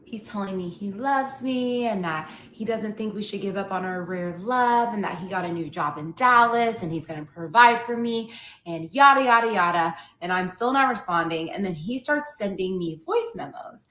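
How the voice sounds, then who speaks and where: A woman's voice: medium pitch, animated, normal speed, fairly bright tone, echoey room. A woman podcast host candidly retelling a personal story and acting out the quoted dialogue.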